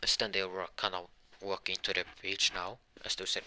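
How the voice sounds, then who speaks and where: A man telling an improvised fan story in a rambling, halting way, often stopping to restart his sentences. His voice sits low but has a sharp, tense, bright edge. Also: steady tone.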